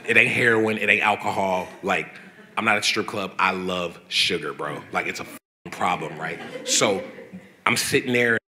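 A young man, a guest artist, telling animated, swearing stories in a casual live question-and-answer session. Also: sits low, normal speed, crowd noise. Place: event hall with audience.

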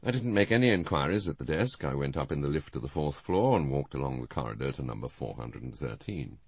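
A man narrating an audiobook in a measured first-person storytelling manner. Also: a bass voice, lively intonation, husky, no echo, dull audio.

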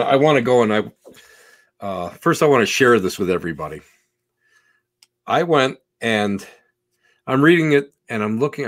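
Rambling, excitable male podcast host. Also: mid-range voice. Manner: enthusiastic, rambling, swings loud and soft. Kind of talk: casual interview.

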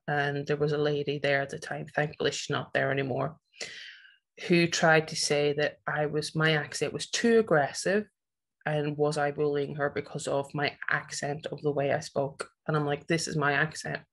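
A woman in her forties with a Northern Irish accent, a teacher speaking at a presentation, gives a passionate, emphatic personal talk. Her deep voice has vocal fry and little pitch movement, at a normal speed.

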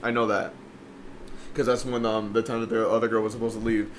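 A man's voice: lowish voice, flat delivery, a little fast, slight background noise. A man co-hosting a podcast, telling a story in casual, profane chat and acting out the quoted voices. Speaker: podcast co-host.

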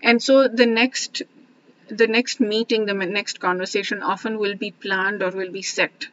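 A woman talking through relationship advice in a casual, reflective monologue, often restarting and trailing off softly. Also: medium pitch, level tone, normal speed, highs cut off, a little hiss or hum. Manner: thoughtful, many restarts and asides, trails off softly. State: briefly emotional, near tears. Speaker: self-help vlogger.

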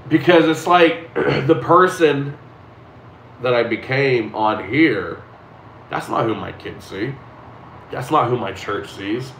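A man's voice: mid-range voice, slow pace, a bit bright, a little hiss or hum. Candid man talking in an echoey room. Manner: candid, rambling, with frequent restarts and profanity. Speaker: streamer. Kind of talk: casual reflective monologue.

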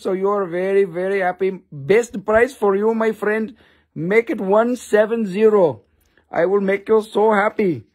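Brief: man doing a high-voiced, hard-selling gem hawker, clipped broken English. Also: vocal fry, a little mellow, heavily acted. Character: pushy haggling male gem seller, broken English. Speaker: host of a live crystal sale. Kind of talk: live-stream sales comedy.

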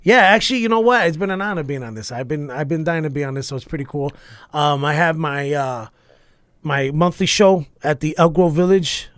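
A middle-aged man, a comedian guest, telling stories in a profane, animated, punchy way. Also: on the high side, fairly quick, no echo, studio quality. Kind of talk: casual storytelling chat.

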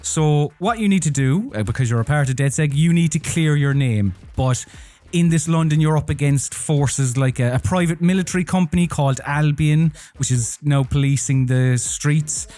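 A man's voice: a little high, moderate pace, dark tone. A man reviewing a game in casual chat, with dry, wry humour. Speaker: games reviewer. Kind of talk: casual chat about games.

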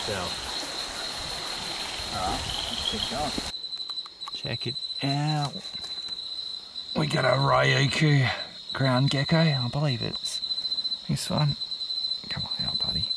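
A man's voice: mid-range voice, takes it slowly, vocal fry, pauses often, very noisy. Australian man talking over chirping crickets. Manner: chatty, talks to animals calling them mate. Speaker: wildlife vlogger host. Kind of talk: casual field narration. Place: outdoors by a creek at night. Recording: outdoor recording with loud insects. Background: crickets and insects.

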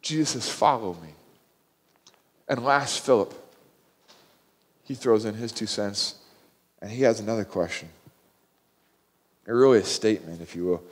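A man preaching a sermon as pastor, animated and acting out the quoted voices with rising intensity. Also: on the low side, normal speed, pauses often, long reverb tail. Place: church sanctuary.

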